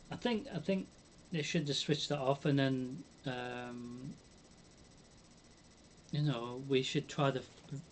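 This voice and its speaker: A man's voice: medium pitch, slight background noise. A British man commentating his own game on a live stream, musing aloud with many hums and ums.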